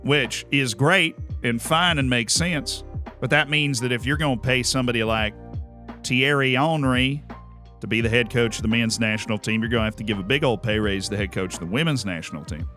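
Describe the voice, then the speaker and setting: A young man with an American accent talks loosely to his stream audience, reading out messages and firing back quick joking answers. His voice is bright and forceful, and soft music plays faintly underneath. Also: medium pitch. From United States. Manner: animated and talkative, quick restarts and joking replies. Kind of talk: casual live-stream chat, reading out viewer messages.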